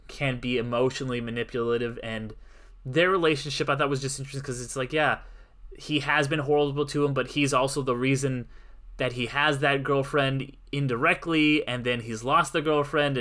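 Bright-voiced man reviewing films casually. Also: medium pitch. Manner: rambling, restarts often. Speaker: podcast co-host. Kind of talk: casual film review chat.

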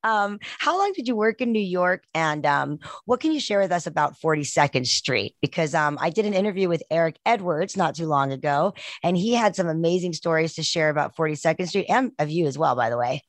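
A woman's voice: sits low, expressive, brisk, few pauses. A woman hosting a podcast interview, asking short plain questions. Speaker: podcast host. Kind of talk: casual interview.

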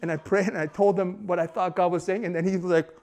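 A male pastor in his young adult years delivers a sermon built on personal stories. His voice sits a little high for a man and moves between soft, hushed stretches and loud, emphatic bursts. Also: steady tone, fast.

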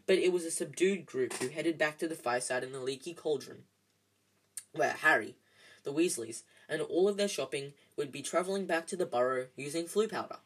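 A reader narrating a storybook aloud in a husky voice of middle pitch. They stumble now and then and correct themselves mid-sentence. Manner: reads with slips and restarts.

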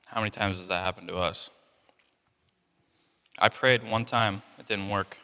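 A young man delivers a relaxed, talky sermon with a lowish voice. He leans on fillers and slips into other people's voices as he goes. The sound carries a long reverb from the room. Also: normal speed, long pauses, smooth. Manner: conversational, many fillers, acts out voices of people in the story. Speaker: preacher. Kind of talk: casual sermon.

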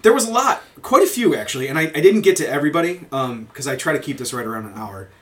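A man's voice: on the high side, sing-song, quick pace, fairly bright tone. A man hosting a podcast, chatting casually and rambling through stories with frequent swearing and laughter. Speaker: podcast host. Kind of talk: casual chat.

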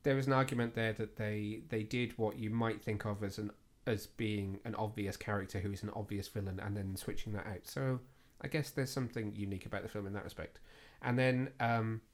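Talking fairly quickly with barely a pause, this podcast host has a lowish, steady voice. He reviews a film in a relaxed, talkative manner, pokes fun at himself, and uses plenty of fillers.

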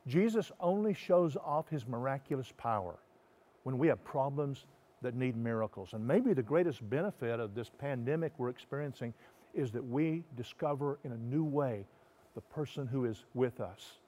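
A man, a pastor, preaching a sermon. He swings from loud emphatic lines to soft, slow, hushed passages. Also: medium pitch, expressive.

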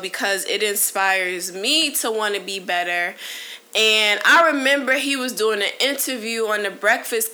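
With a bright, pushed voice in the middle range, this woman in her late twenties hosts a podcast solo. She speaks frankly and meanders, restarting often and using plenty of fillers, with a short flash of emotion.

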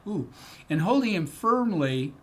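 A man's voice: high-pitched, very animated, a little slow, fairly bright tone, slightly rough. A middle-aged man, a deacon, giving a casual daily scripture reflection, retelling the story in a chatty way with lots of asides and fillers.

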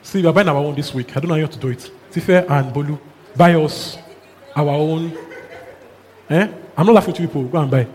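A man preaching a sermon, telling a story in an animated way with chuckles and local exclamations. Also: fairly high pitch, a little fast. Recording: long hall reverb, faint background noise.

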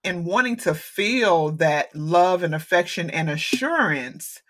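A woman's voice: on the low side, expressive, takes it slowly. A woman hosting a podcast, talking frankly and casually, with some swearing. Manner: frank and plainspoken, with mild cursing. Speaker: podcast host.

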